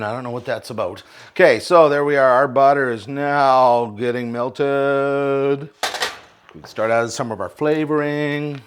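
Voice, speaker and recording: Standing at a stove in his kitchen, a man hosts a casual home cooking show, rambling and cracking jokey asides to viewers as he cooks. His voice is mid-range with a clean tone.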